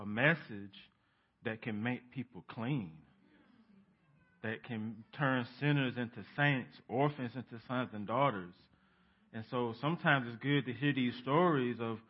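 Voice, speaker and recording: A man's voice: mid-range voice, measured pace, muffled recording. A male pastor preaching a sermon in an earnest, reflective way.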